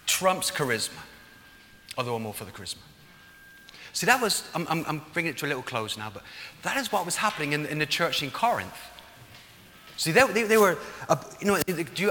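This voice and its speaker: A man preaching a sermon in a church, passionate, repeating words in quick bursts and dropping to a hush at times. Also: a little high, long reverb tail, slight background noise.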